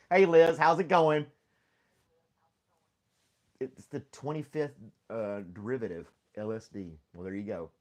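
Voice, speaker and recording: A man's voice: mid-range voice, fairly even intonation, slow, long pauses. A middle-aged man hosting a casual live stream chat, talking in a rambling, easygoing way and laughing often as he reads viewer comments.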